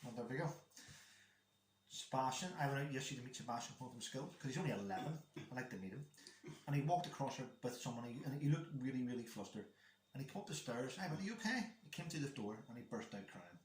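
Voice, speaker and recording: A man's voice: mid-range voice, expressive, quick pace, slight background noise. A man chatting casually as a guest, telling a rambling story about his son and acting out the dialogue. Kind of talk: casual chat. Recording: echoey room.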